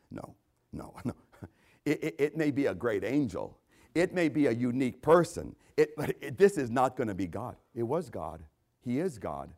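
An older man preaching a sermon as pastor, swinging between loud emphasis and quiet asides. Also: on the high side.

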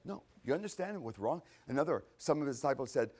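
A man preaching a conversational sermon, animated, asking rhetorical questions and answering them himself. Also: mid-range voice, fairly quick, few pauses, breathy edge. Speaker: pastor.

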